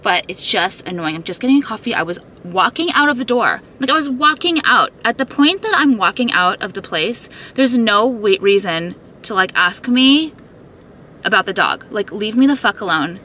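A woman's voice: medium pitch, animated, moderate pace, sharp tone, slight background noise. A woman vlogger filming herself on a phone, venting to camera in an upset way, swearing often and filling her talk with "like". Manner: upset, swearing, full of 'like'. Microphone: phone held while filming.

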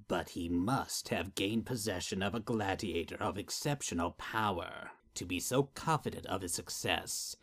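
A man voicing a cold, commanding non-human male master who speaks slowly and with menace. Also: low-pitched, fairly bright tone. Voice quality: slow, menacing, measured.

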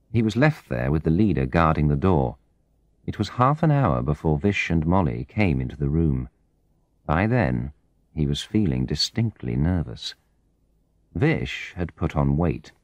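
Man with a really deep voice reading a story, very lively tone, dry close sound. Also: dry recording. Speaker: audiobook narrator. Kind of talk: scripted narration of a graded reader.

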